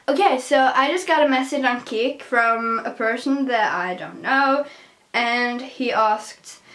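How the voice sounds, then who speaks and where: A woman's voice: a little high, unhurried, fairly bright tone. A young woman with a non-native accent, chatting in a casual vlog, hyper, giggly and rambling. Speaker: vlogger. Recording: echoey room.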